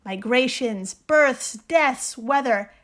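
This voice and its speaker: Excitable, swearing woman podcast host. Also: sits high, slow. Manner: excitable, swears freely, laughs often. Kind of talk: casual chat.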